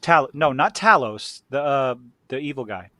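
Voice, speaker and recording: A man's voice: medium pitch, lively intonation, normal speed, sharp tone, dry recording. A man co-hosting a casual podcast chat, crude and ranting, laughing easily. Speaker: podcast co-host.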